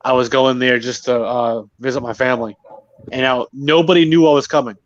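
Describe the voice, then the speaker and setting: A man from Rhode Island telling a story among friends in casual chat, swearing freely and with lively delivery. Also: medium pitch, a little fast, lo-fi sound, slight background noise.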